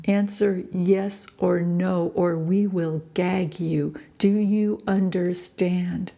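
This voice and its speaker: A woman voicing a cold, relentless male interrogator in an audiobook, asking the same questions over and over in a low, slow, gravelly voice. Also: fairly even intonation, warm tone, heavily acted. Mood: coldly insistent. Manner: repetitive, insistent questioning.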